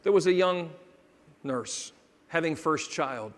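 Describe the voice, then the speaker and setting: High-pitched man telling stories in a hall. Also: animated, takes it slowly. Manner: dramatic shifts between hushed and loud, acting out dialogue. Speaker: motivational speaker. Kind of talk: motivational keynote storytelling. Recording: long hall reverb.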